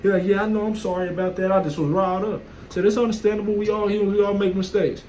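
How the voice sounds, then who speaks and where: High-voiced man, blunt and profane monologue, faint background noise. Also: level tone, fast talker, a little mellow, low-quality recording. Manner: blunt, profane, streetwise storytelling. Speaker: vlogger. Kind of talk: casual monologue.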